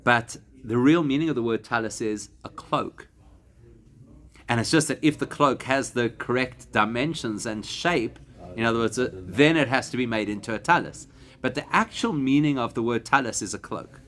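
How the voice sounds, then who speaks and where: Man, rabbi, mid-pitched voice, Talmud class, patient explaining. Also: a bit bright. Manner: explanatory, slows to spell out Hebrew and Aramaic words. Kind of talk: classroom lesson to a live group.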